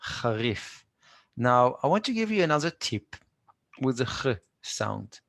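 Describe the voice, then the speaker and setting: An Israeli man leads a live online language lesson, speaking slowly and repeating each word with patience. His voice has a gravelly edge at a middle pitch, and the sound is dry and close to the mic. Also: sing-song, a bit bright, dry recording. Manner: patient, repeats words slowly, answers students by name. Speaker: Hebrew teacher.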